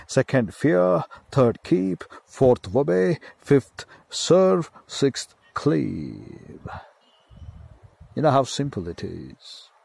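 A man delivers an emphatic sermon, returning again and again to the same phrases as he teaches scripture. His voice sits in a middle pitch, and the recording is dry and close with little room sound. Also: creaky, a little mellow, no room sound. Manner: emphatic, repetitive Bible teaching with Hebrew word studies. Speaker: preacher.

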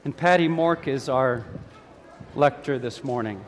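A man's voice: mid-range voice, measured pace. A man, a pastor, giving a children's sermon in a church, playful and coaxing as he asks the kids questions. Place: church sanctuary. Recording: long church reverb.

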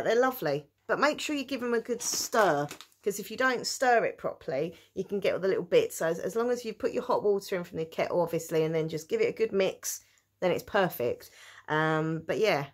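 A woman chatting casually through a shopping haul, giggling and breaking into excited cheers. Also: lowish voice, brisk. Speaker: vlogger.

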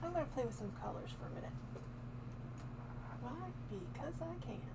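A woman's voice: high voice, moderate pace. A woman hosting a writing sprint livestream, chatting casually and rambling as she thinks aloud to herself. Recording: steady background noise.

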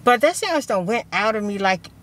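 A woman's voice: mid-range voice, expressive, brisk, fairly bright tone, a little hiss or hum, low-quality recording. A woman chatting casually to her vlog audience from inside a car, rambling and laughing often. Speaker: vlogger.

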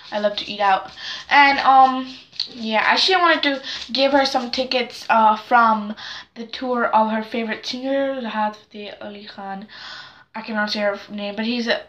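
A teenage girl chatting to camera at home in an excitable, rambling, self-deprecating way. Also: fairly high pitch, reverberant, highs cut off. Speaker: vlogger. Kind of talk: casual chat to camera.

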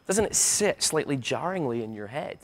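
A Scottish man with a Glaswegian lilt gives a conference keynote in a fired-up, sarcastic way, and he does not hold back on the swearing. His voice sits at an ordinary middle pitch. He trips over his own words in quick restarts as he pushes his points. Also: expressive. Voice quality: sarcastic, blunt, swears freely. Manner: impassioned, stammering restarts, rapid asides. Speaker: keynote speaker. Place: university conference hall.

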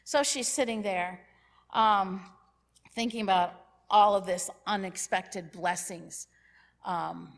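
A woman giving a sermon in a church, telling a story in a lively way and acting out what the people in it say. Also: medium pitch, slow, creaky. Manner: lively storyteller who acts out characters' lines. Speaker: church speaker. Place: church sanctuary.

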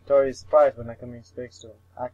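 A man's voice: medium pitch, flat delivery, very fast, darkish tone, dry recording, muffled recording. Mumbling young man reading a story aloud. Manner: mumbling and stumbling over words, with swearing asides. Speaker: reader of a visual novel. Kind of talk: comic read-through of a visual novel.

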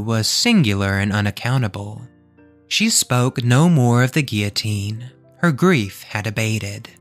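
A man hosting a podcast, reading a classic tale aloud in an expressive way. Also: mid-range voice. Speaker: podcast host and storyteller.

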